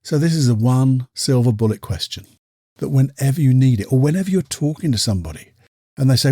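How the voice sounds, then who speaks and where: A man's voice: mid-range voice, animated, a little fast, mellow, slightly rough, no room sound, clean studio sound. A man hosting a casual solo talk. He chats freely, acts out the people he quotes and keeps asking rhetorical questions. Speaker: podcast host and coach.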